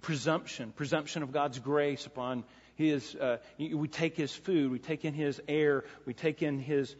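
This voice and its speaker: A man's voice: a little high, fairly even intonation, moderate pace. A man preaching a sermon as pastor, earnest and repeating phrases for emphasis. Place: church sanctuary. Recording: lo-fi church recording with long reverb.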